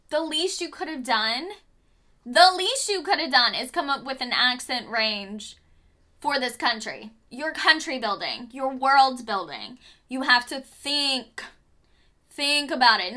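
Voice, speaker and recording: A woman's voice: high voice, bright, forceful tone. A young woman vlogger giving a blunt, casual review while doing her makeup, swearing and throwing in exasperated asides. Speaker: beauty vlogger. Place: home room doing makeup.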